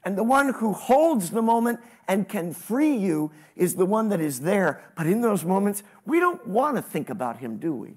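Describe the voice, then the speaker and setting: A man preaching a sermon, with sudden rises in pitch and volume and questions to the congregation. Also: very animated, moderate pace, few pauses. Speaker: pastor.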